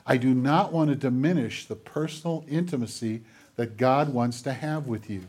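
A man preaching a sermon to a congregation, retelling scenes dramatically and dropping into quiet, hushed passages. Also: mid-range voice, moderate pace, husky. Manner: dramatic retellings, drops to near whispers. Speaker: pastor. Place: church filmed on camera.

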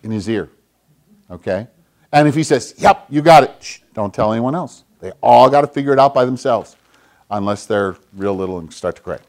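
A man giving a children's sermon as pastor, in a gentle, conversational way, often clearing his throat. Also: lowish voice, animated, moderate pace.

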